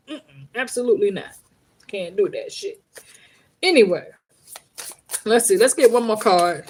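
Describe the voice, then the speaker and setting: A woman's voice: medium pitch, slight background noise. A woman from the Bronx with a New York accent, reading tarot from home in a brash, profane, joking live-stream chat. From Bronx, New York City. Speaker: tarot reader.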